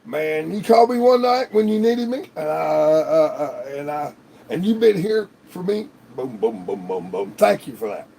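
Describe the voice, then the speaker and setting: A man chats on his own livestream in a loose, rambling way, peppering his talk with profanity and laughter. His voice sits a bit higher than most men's and jumps around a lot in pitch. There's a gravelly rasp running through it. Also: sing-song, moderate pace, warm tone. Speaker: livestream host. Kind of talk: casual live-stream chat.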